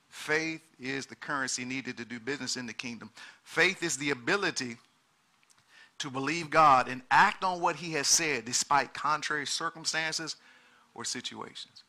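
A male pastor delivers a sermon at normal speed, moving between quiet, low passages and shouted peaks. He spurs the congregation on with repeated exhortations.

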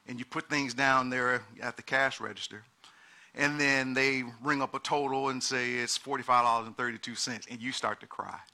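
A male pastor preaching a sermon, swinging from quiet, low passages to shouted peaks and urging the congregation on with repeated exhortations.

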